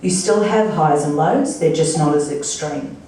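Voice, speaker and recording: A woman's voice: low-pitched, measured pace, dark tone, slight background noise. A woman speaker at a fundraising breakfast, giving a playful motivational talk and tossing rhetorical questions to the crowd. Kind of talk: motivational speech to an audience. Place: large function room with an audience. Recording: echoey room, mic at a distance.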